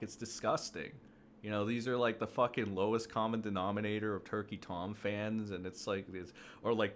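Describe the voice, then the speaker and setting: A man's voice: lowish voice, a bit bright, a little hiss or hum. A man ranting through casual commentary, profane and exasperated, full of fillers and mocking quotes. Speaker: commentary streamer.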